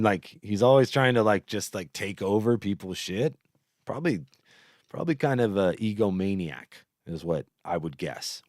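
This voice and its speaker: A man's voice: on the low side, dry recording, clean studio sound. A man hosting a show, telling stories in a casual, profane, rambling monologue. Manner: profane, animated storytelling. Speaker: host.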